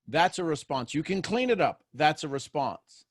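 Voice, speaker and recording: A man's voice: fairly high pitch, big pitch swings, normal speed, slightly rough, no echo, clean studio sound. A man hosting a daily motivational show, talking live to listeners. He keeps asking them questions and repeats phrases as he builds each point.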